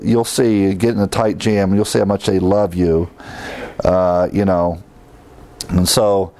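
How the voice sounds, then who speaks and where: A man's voice: low-pitched, a little mellow. Conversational male pastor teaching scripture. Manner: conversational, with frequent fillers and wry asides. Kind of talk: verse-by-verse Bible teaching sermon.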